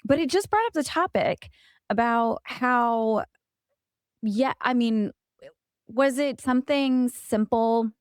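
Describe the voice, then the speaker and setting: A woman's voice: fairly high pitch, slow pace, clean tone, dry recording, studio quality. A woman in her thirties co-hosting a podcast, chatting casually and acting out quotes as she tells a family story. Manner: animated storyteller, acts out quotes. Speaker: podcast co-host. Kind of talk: casual chat.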